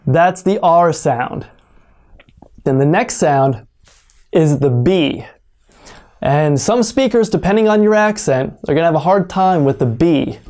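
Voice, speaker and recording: A native English speaker teaching pronunciation in an online lesson, speaking deliberately and exaggerating sounds to demonstrate them. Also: medium pitch, darkish tone.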